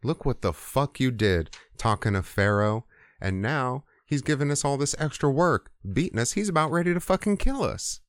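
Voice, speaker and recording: A man's voice: medium pitch, normal speed, dry recording, clean studio sound, lightly acted. A man doing whiny, aggrieved overseers. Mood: panicked. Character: aggrieved male work overseers, panicking.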